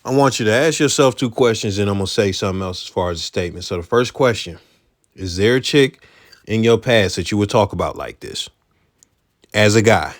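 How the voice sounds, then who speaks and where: Low-voiced man, blunt podcast talk. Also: animated, fairly quick. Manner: blunt, conversational, emphatic. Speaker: podcast host. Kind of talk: casual commentary.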